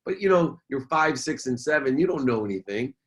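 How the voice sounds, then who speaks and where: A man's voice: mid-range voice, lively intonation, fairly quick. Earnest middle-aged man telling his story. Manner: earnest and emphatic, repeating key phrases for weight. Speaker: podcast guest, businessman and motivational speaker. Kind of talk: personal storytelling in a podcast interview.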